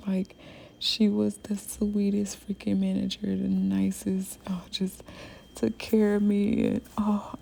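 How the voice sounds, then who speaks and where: Young woman, mellow gravelly voice, unhurried rambling storytime chat. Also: medium pitch, little pitch movement. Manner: chatty, rambling, many fillers. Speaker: hairstylist telling a story. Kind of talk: casual storytime.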